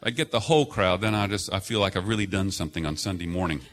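Here a middle-aged preacher with a deep voice moves at a quick pace through a sermon in the church sanctuary. He tells stories in an animated way, loudly acting out the quoted voices for his congregation.

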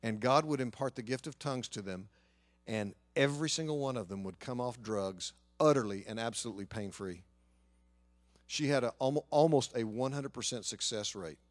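A man as a pastor, telling a story in an earnest sermon and lively when quoting others. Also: mid-range voice, normal speed, no room sound.

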